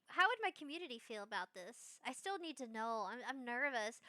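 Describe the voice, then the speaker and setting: A young woman streaming live, chatting in a rambling, bubbly way with bursts of excited squeals. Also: sits high, moderate pace, hardly any pauses, no echo, studio quality. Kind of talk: casual live-stream chat.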